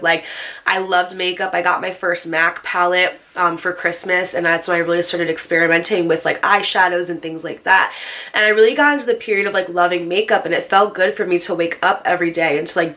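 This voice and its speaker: Young woman, storytime vlogger, chatty, sarcastic, bright voice. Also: lowish voice. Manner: chatty, animated, sarcastic, lots of fillers. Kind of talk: casual storytelling.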